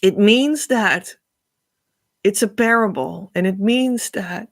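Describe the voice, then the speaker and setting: Woman spiritual host: unhurried, earnest storytelling that rambles and restarts. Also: medium pitch. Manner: rambling, searching for words, often restarting; emotional and earnest.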